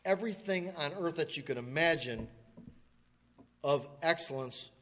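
A man preaching, telling a story in a folksy way, stammering now and then and clearing his throat as he acts out the people in it. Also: fairly high pitch, unhurried, a bit bright, slight background noise. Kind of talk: sermon illustration storytelling. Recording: long hall reverb.

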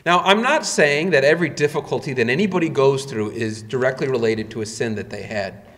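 Male pastor, mid-pitch, emphatic sermon delivery, echoing sanctuary. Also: fairly quick, fairly bright tone. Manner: emphatic preaching with sudden rises in pitch and volume.

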